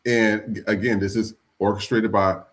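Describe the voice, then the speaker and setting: A man's voice: fairly low pitch, flat delivery, measured pace. A man hosting a live podcast, talking bluntly and profanely in a rambling, casual way with many restarts. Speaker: podcast host.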